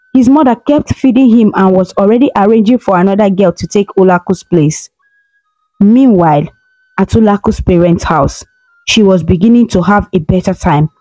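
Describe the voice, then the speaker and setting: Woman storyteller, steady scripted folktale reading, dark tone, faint music behind. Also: mid-range voice, no echo, low-quality recording.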